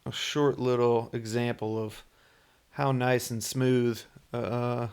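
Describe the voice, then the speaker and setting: A young man talking solo on his podcast in a loose, profane ranting style. He is blunt and irritated, with plenty of fillers, and his voice sits at an ordinary middle pitch. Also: level tone, slow pace, a little mellow, smooth. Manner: blunt, ranting, heavy swearing. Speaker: podcast host and Navy corpsman. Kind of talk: casual profane monologue.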